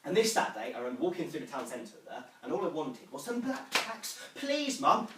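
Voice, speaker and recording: Animated young man telling comic stories. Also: medium pitch, fast talker, recorded from a distance. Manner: animated, self-mocking, shouts in punchlines. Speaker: storyteller. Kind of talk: comic storytelling to a home audience. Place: living room with a small audience. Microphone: far camera. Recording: roomy room from afar, faint noise.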